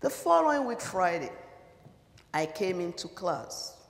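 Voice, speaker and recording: A woman from Nigeria, telling a personal story in an animated, halting way with fillers and restarts. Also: fairly low pitch, vocal fry. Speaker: speaker. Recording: echoey hall with long reverb.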